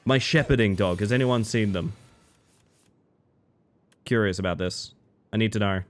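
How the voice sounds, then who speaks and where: A man streams a card game, chatting casually with his viewers as he plays and bursting into jokey, mock-dramatic outbursts. He's animated, with a lowish voice at a normal speed.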